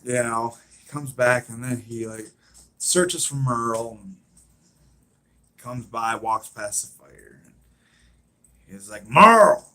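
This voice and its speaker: A man's voice: medium pitch, fairly even intonation, takes it slowly, long pauses, pushed and bright. A man hosting a live stream, chatting casually and rambling as he retells scenes with lots of fillers.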